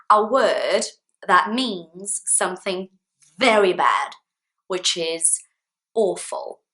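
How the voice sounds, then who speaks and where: A woman gives an English lesson straight to camera, speaking slowly and deliberately. Her voice sits at an ordinary middle pitch. She acts out little example sentences in a playful way. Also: a bit bright. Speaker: English teacher.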